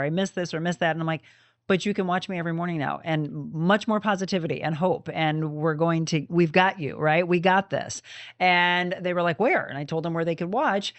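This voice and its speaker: Woman talk show host, quick and upbeat, dry close recording. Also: lowish voice, dry recording.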